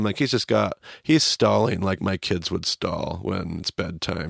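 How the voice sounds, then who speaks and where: A man hosting a podcast, teaching a Bible story in a casual, animated way. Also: on the low side, measured pace, vocal fry, few pauses, no room sound, studio quality. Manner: animated, acts out quotes as he teaches.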